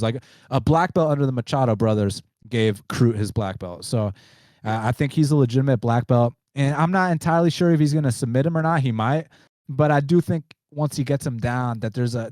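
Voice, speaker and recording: A man co-hosts a fight betting show and lays out his pick in a laid-back, slangy way. His voice sits at a middle pitch. The recording is dry and close, with no room sound. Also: a little mellow, no room sound. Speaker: co-host, betting analyst. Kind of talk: casual betting analysis chat.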